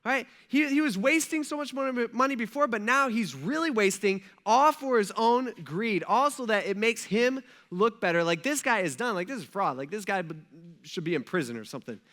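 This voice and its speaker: A man's voice: sits high, expressive, moderate pace, a bit bright. A male pastor preaching a conversational sermon, retelling a story in casual, slangy words and speaking directly to his congregation.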